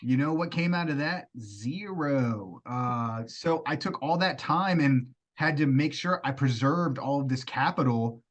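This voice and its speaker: A man's voice: mid-range voice, expressive, a little slow, hardly any pauses, highs cut off. A man co-hosting a podcast, talking candidly and loosely about his own mistakes. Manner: candid, loose, self-deprecating. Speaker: podcast co-host. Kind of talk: casual podcast chat.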